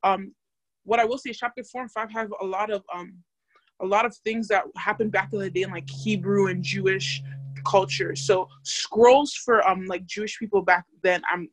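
A woman's voice: medium pitch, fairly even intonation, normal speed. Chatty young woman teaching Bible study. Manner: chatty, many fillers, questions to the group.

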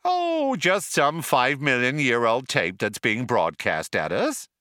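A man's voice: medium pitch, big pitch swings, slow pace, sharp tone, no room sound, studio quality, heavily acted. A man voicing a cheerful, chatty spaceship computer in an audiobook. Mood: cheery.

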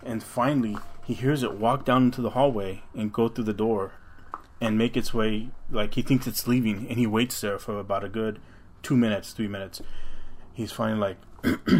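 A man's voice: lowish voice, steady tone, normal speed, a little hiss or hum. A man co-hosting a podcast, retelling a scary story in a rambling, profane way with lots of restarts. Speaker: podcast co-host. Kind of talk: casual storytelling chat.

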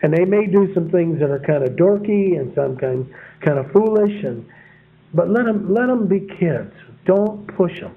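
A man's voice: high voice, expressive, moderate pace. A man giving a folksy, rambling sermon full of homespun stories, chuckling at his own anecdotes. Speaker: preacher. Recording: phone-like narrow sound.

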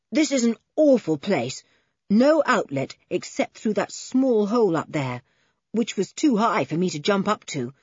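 A woman's voice: medium pitch, a little mellow, husky, no echo, dull audio. A woman voicing a brave young man, a pilot, speaking steadily and practically.

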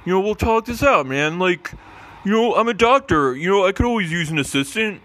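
A man's voice: high voice, fairly quick, voice pushed up. Man doing Doctor of Puppies, a sweary bro. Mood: reassuring. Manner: excited, sweary, says "man" a lot. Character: male doctor of puppies, laid-back bro.

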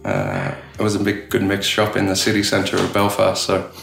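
A middle-aged man with an Australian accent, speaking with a gravelly, low voice in a casual interview. He rambles, restarting sentences and leaning on filler phrases. The room has a lot of echo. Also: very animated, normal speed, fairly bright tone. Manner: rambling, many "you know" fillers and restarts. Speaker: tattoo artist guest. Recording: echoey room.

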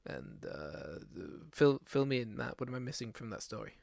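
Gravelly man rambling about films. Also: mid-range voice, very animated, moderate pace, a little mellow, no echo, clean studio sound. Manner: rambling, lots of restarts and fillers. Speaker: podcast co-host. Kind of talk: casual film chat.

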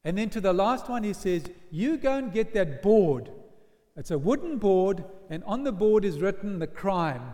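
A man preaching a sermon, telling a story in an animated way and acting out the voices of its people. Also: sits high, normal speed. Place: church. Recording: long church hall reverb.

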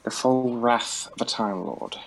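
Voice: mid-range voice, a little slow, gravelly, slight background noise, rough recording. Player doing a dry-witted alien time traveller. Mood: wry. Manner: dry and sardonic.

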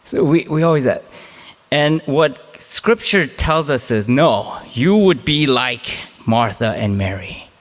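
A man's voice: medium pitch, expressive, slow pace. A man preaching a conversational sermon as a pastor, casual and self-deprecating, with chatty asides. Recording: long hall reverb.

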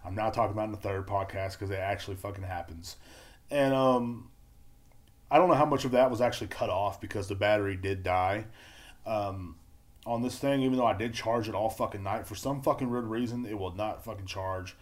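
A man hosting his own podcast, ranting and rambling with constant swearing, shifting from loud outbursts to low mumbling. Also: brisk. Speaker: podcast host. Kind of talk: solo podcast rant.

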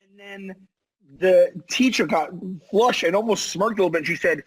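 A man with a high-pitched voice tells an animated anecdote in casual chat. His tone is husky and a little breathy, and he keeps stressing he is not kidding. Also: normal speed, rough recording.

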